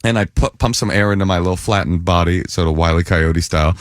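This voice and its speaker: A male comedian telling a long comic story as a guest in a radio studio, animated and jumping high whenever he acts out what people said. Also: quick pace, no room sound. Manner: animated, jumps up in pitch when acting out quoted voices.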